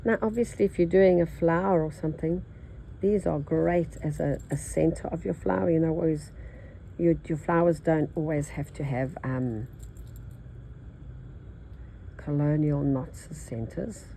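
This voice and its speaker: A nasal older woman with an Australian accent chats as she works on her embroidery, thinking aloud and drifting between topics. Her voice sits low and warm, with a gravelly edge. A faint hiss runs under it. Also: steady tone, moderate pace, rough recording. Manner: rambling, chatty, thinks aloud. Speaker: embroidery teacher. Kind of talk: casual chat while stitching.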